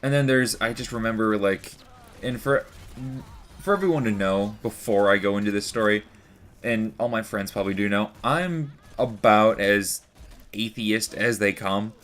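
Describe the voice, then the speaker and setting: A man's voice: lowish voice, moderate pace, a bit bright. A young man telling a personal story to the camera in a rambling, earnest way, full of "like" and "you know". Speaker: vlogger.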